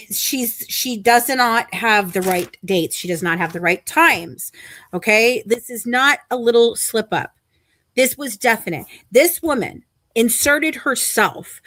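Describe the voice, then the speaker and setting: A woman's voice: fairly high pitch, fairly bright tone, dry recording. A woman hosting a podcast and giving pointed true-crime commentary in an emphatic, skeptical way. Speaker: podcast host.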